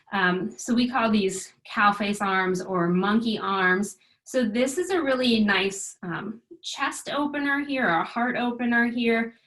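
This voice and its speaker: A woman yoga instructor giving calm, gentle breath and stretch cues in a guided chair yoga class. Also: medium pitch, low-quality recording.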